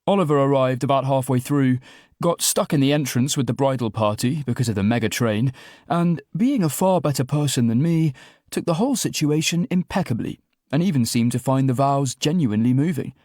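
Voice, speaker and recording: A man's voice: medium pitch, brisk, darkish tone, no room sound, clean studio sound. A man reading a romantic comedy audiobook in the first person, with wry, self-deprecating comic timing. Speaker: audiobook narrator. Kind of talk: first-person scripted narration.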